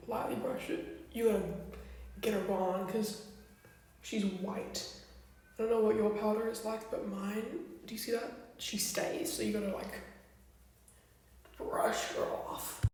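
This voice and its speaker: A woman's voice: mid-range voice, darkish tone. A young woman chatting casually through a makeup tutorial, blunt and swearing freely. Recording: very echoey room, distant from mic.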